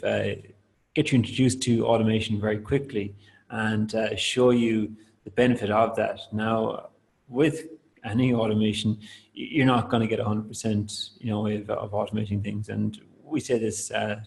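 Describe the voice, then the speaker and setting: Low-voiced man giving a rambling webinar. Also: creaky, darkish tone, rough recording. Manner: loose, rambling delivery with many fillers and restarts. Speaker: product presenter. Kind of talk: webinar talk.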